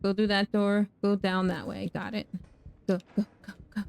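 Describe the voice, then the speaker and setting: A young woman streams a horror game, chatting with her viewers, laughing and shrieking when danger appears, and poking fun at herself. Her mid-range voice is creaky, barely moves in pitch, and keeps a moderate pace. It's live gameplay commentary.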